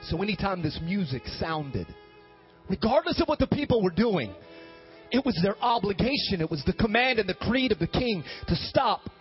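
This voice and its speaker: Animated high-pitched preaching man. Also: normal speed. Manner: animated preaching, rising to loud emphatic bursts. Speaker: pastor. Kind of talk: sermon. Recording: dull lo-fi sermon recording with faint music.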